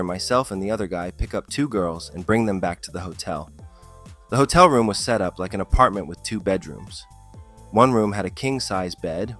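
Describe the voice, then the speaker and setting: A man's voice: low-pitched, a bit bright. A man narrating funny stories in a scripted style, with a dry comic delivery that lifts on the punchlines. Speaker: storyteller.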